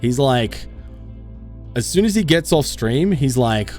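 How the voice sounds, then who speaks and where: A man's voice: medium pitch, expressive, slow, a little mellow, faint music behind. A man streaming a game live, chatting casually with his viewers and laughing often.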